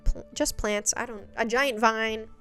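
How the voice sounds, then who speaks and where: A woman's voice: on the high side, fairly even intonation, measured pace, fairly bright tone, faint music behind. A young woman giving a casual, chatty recap of a web series, full of sassy, exasperated asides.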